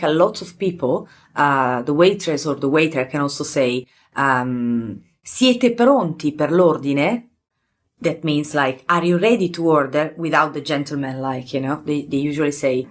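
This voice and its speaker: Italian woman, native speaker, teaching words; low voice, unhurried delivery. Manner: explains slowly with fillers and self-corrections. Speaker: language teacher. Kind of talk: language lesson.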